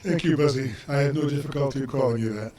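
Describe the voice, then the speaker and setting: An older man reading a prepared talk as guest speaker, measured and earnest. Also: mid-range voice, dark tone. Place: lecture hall. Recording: roomy lecture hall, distant mic.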